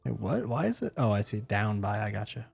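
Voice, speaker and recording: A man's voice: on the low side, very animated, brisk, creaky, a little mellow, breathy edge, faint music behind. A man doing casual, joking, profane commentary while streaming a game, sleepy and yawning.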